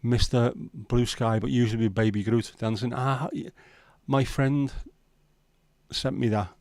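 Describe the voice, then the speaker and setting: On a dry recording, a Scouse-accented livestream host from Liverpool, England chats casually with viewers, rambling and cursing as he banters. His mid-range voice is a little mellow with fairly even intonation, and he speaks a little slowly.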